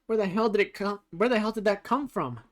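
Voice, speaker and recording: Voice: medium pitch, brisk. A streamer casually commenting over gameplay while comparing translations, thinking aloud with fillers and the odd swear word.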